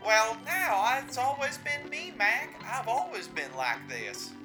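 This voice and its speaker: A man playing a cheery showman in a put-on accent, high and bouncy, feigning innocence. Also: sing-song, normal speed, over music, poor audio. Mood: chirpy.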